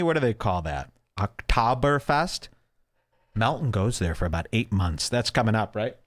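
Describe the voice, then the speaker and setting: This is a male show host with a lively, swooping voice that sits a little higher than most men's. He rambles through live commentary in an irreverent, mocking way and breaks into scolding rants. He is talking through a headache. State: has a headache. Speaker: internet radio show host.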